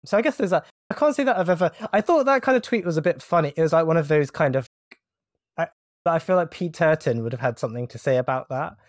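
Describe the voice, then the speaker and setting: A man's voice: a little high, expressive, fast talker, no room sound, clean studio sound. A young man, a doctor, chatting casually on a podcast, jokey and hesitant with frequent restarts.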